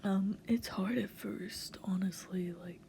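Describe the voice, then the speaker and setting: A woman voice artist giving tips in a casual voiceover, with a soft, half-whispered, hesitant delivery. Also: mid-range voice, fairly even intonation, slow pace, gravelly, slight background noise. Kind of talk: casual voiceover over a speedpaint.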